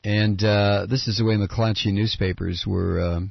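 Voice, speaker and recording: A man's voice: on the low side, fairly even intonation, moderate pace, creaky, dry recording. A man hosting a political talk radio show, ranting sarcastically and reading news clips aloud, on a dull lo-fi broadcast. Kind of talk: opinionated talk radio monologue.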